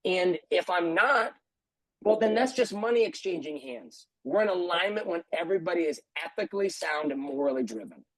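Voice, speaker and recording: Earnest husky man on a video call. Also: sits high, expressive, moderate pace, no room sound, low-quality recording. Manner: earnest, reflective, repeats phrases for emphasis. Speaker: martial arts school owner. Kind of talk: video call panel talk.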